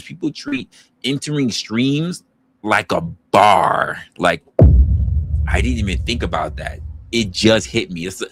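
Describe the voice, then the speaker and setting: A man's voice: low voice, fairly bright tone, breathy edge. A man hosting a livestream, chatting loosely with his viewers, rambling and correcting himself as he goes. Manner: talks straight to his chat. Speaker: livestream host. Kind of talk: casual livestream chat.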